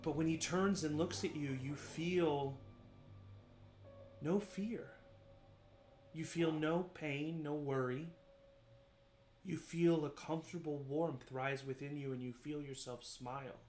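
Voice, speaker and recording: A man narrating a tabletop role-playing game as game master, describing scenes in a slow, measured, atmospheric way. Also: on the high side, fairly even intonation, darkish tone, reverberant, faint music behind. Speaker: dungeon master.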